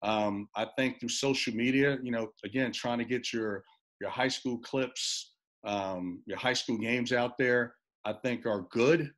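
A middle-aged man tells a recruiting story as a guest coach on a talk. He acts out both sides of phone calls and often stumbles over repeated words, at an ordinary mid pitch. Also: a little slow, fairly bright tone. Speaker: guest college assistant basketball coach.

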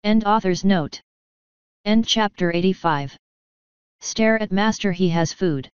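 A woman reading a fanfiction story aloud in a steady, even narration. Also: mid-range voice, unhurried, clear, resonant tone, no room sound. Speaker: fanfiction reader. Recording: dull lo-fi recording.

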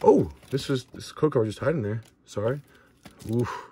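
A man's voice: mid-range voice, moderate pace, a little hiss or hum. A young man hosting a card-opening video, casually listing cards as he goes and stumbling over some names. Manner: excitable, shouts and whoops at big pulls. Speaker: pack-opening channel host.

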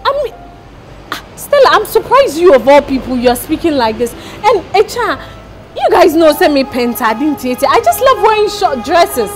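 A woman's voice: sits high, big pitch swings, moderate pace, soft background music. A defensive Ghanaian woman. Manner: defensive, explaining. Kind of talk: Ghanaian film acting.

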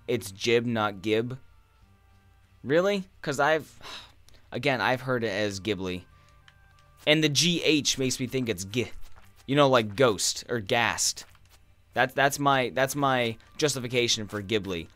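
A man's voice: medium pitch, animated, a little slow, pauses often, a bit bright, dry recording, faint music behind. A young man chatting casually while playing a game, rambling and swearing as he rants. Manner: profane, ranting, rambling. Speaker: gaming streamer. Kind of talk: casual gameplay commentary.

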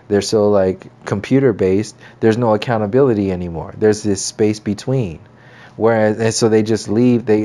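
A man with a somewhat low voice and a mellow, dark tone talks alone in a casual, meandering monologue. He stumbles over words, repeats himself and swears freely as he goes. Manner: rambling, profane, many restarts and fillers. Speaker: channel host.

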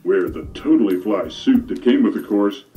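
A man's voice: fairly low pitch, animated, moderate pace, distant mic, muffled recording, faint music behind, voice pushed down. A man voicing a crude, slangy male narrator of a pimp training tape, speaking in a mock-instructional way.

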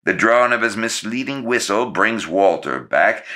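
A man actor giving a slow, theatrical and expressive reading of literary prose. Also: on the low side.

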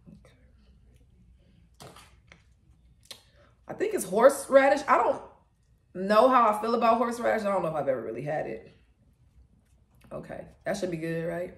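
A woman's voice: mid-range voice, expressive, normal speed, long pauses. Chatty woman reviewing food in an echoey room. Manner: chatty, talks between bites and hums while tasting. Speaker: vlogger. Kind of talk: casual mukbang food review. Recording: roomy echo.

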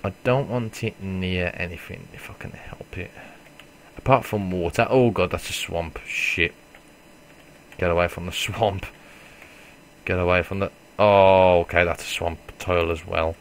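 Low gravelly gamer muttering. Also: male voice, fairly even intonation, a little slow, slight background noise. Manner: swearing, self-mocking, reacts loudly then mutters. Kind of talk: casual let's play commentary.

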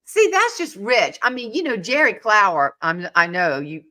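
A woman hosting a casual interview, lively and quick to exclaim. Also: mid-range voice. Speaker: host.

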